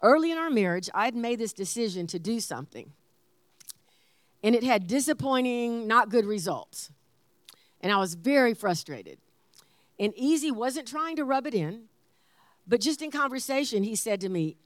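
A woman in her sixties preaching a sermon, telling stories with animated emphasis and laughter. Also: a little high, moderate pace, pauses often, no room sound, studio quality. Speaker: pastor.

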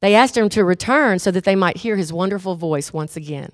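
A woman preaching a sermon and leading a closing prayer, lively and laughing at times, turning earnest and quiet when she tells a story. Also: fairly low pitch, a little fast, no room sound, studio quality.

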